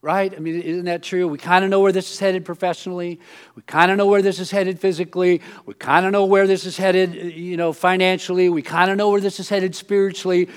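Pastor, high-pitched male voice, loose conversational sermon delivery, animated asides. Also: fairly quick, smooth. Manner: conversational preaching, many fillers and restarts; rising animated when mimicking others. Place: auditorium.

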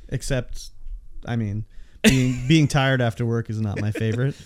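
A man's voice: medium pitch, normal speed. A man co-hosting a podcast, laid-back and swearing casually as he tells stories. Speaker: podcast co-host. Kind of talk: casual chat.

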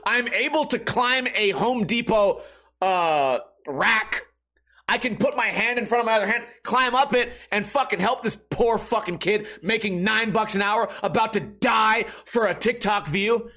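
Male, mid-thirties, profane rambling monologue with lots of laughs; lively, high-ish voice. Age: 30s. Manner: swears constantly, rants, laughs between lines.

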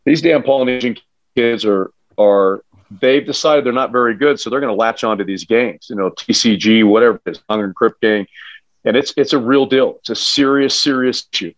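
A man, a high school football coach, telling stories in a casual podcast chat, earnest and emphatic with frequent restarts. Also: brisk, dry recording. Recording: dull, dry lo-fi sound.

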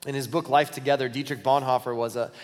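Conversational pastor preaching in a reverberant hall. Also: male voice, medium pitch, flat delivery, quick pace. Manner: conversational, candid storyteller with restarts. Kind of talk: sermon.

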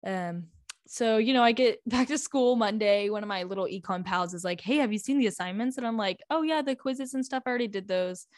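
A chatty eighteen-year-old woman recounts her week in a casual storytime vlog, peppered with "like" and "um" and frequent laughs. Her voice sits at an ordinary middle pitch. The sound is dry and close, with no room echo. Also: brisk. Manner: chatty, lots of "like" and "um", laughs often. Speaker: high school student.

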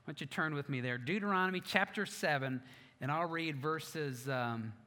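A male pastor preaching in a bright, somewhat high voice. He tells stories with animated energy and drops self-mocking jokes along the way. His voice carries a long reverb, as if recorded in a large church hall. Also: normal speed. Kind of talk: sermon.

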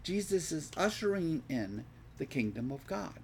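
A man leads a Bible study with a slightly higher-than-usual voice and a slow, unhurried delivery. He reads scripture aloud, then breaks it down conversationally, often repeating words as he thinks and tossing questions to his listeners. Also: sing-song, a little hiss or hum.

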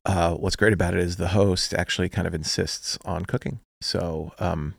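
Male pastor guest, very deep gravelly voice, relaxed conversational delivery. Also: normal speed, dry recording, clean studio sound. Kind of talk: casual podcast chat.

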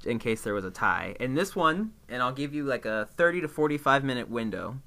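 A man co-hosting a podcast in casual chat, animated and enthusiastic. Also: medium pitch, fairly quick. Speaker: podcast co-host.

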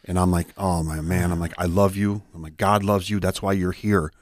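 A deep, fairly even voice belongs to a peer support specialist appearing on a radio talk show in the studio. He recounts a personal story quickly, in a conversational and heartfelt way.

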